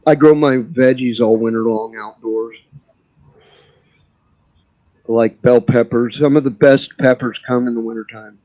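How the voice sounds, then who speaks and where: A man's voice: medium pitch, fairly even intonation, moderate pace. A man in a casual panel chat, talking in an easygoing, rambling way. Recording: dull lo-fi audio.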